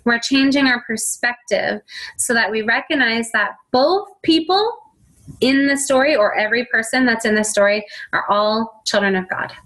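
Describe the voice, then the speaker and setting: A woman's voice: fairly high pitch, normal speed, a bit bright, poor audio. A middle-aged woman teaching a faith-based self-help talk, acting out quoted voices as she goes. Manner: acts out quoted voices and whiny children.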